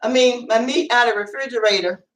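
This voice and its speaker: High-voiced woman hosting a home cooking show. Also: brisk, distant mic, background noise. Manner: chatty, rambling, many fillers. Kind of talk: casual cooking demonstration. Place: home kitchen. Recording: echoey room, away from the mic.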